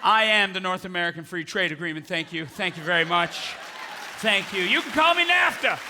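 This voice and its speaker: A Canadian-born man doing a stand-up comedy set on a theatre stage, with an animated, mocking delivery. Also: sits high, fairly quick, a crowd in the background, noisy background. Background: audience laughter.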